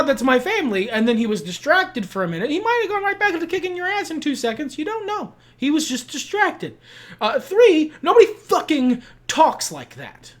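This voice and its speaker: A woman co-hosting a podcast, ranting emphatically about a film in casual chat and swearing freely. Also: fairly high pitch. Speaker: podcast co-host.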